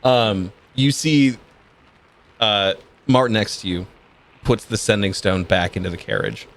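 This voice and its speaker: A man narrating as game master of a tabletop game, describing scenes in a relaxed way with frequent ums and uhs. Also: lowish voice, measured pace.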